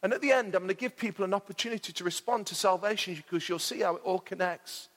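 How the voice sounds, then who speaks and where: A man's voice: sits high, fast, a bit bright. A man preaching a sermon as pastor, fervent with jokey asides to the congregation, heard in a church hall. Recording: hall reverb.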